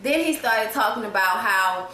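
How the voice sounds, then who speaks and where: Animated high-voiced woman in an echoey room. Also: a little hiss or hum. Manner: animated, profane, breaks into laughter. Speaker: movie reviewer. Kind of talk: casual retelling of a comedy film.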